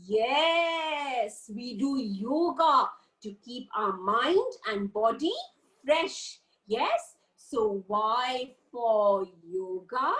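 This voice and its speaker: High, lively woman teaching little kids. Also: rough recording. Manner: animated, drawn-out sing-song syllables for young children. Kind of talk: online kindergarten lesson.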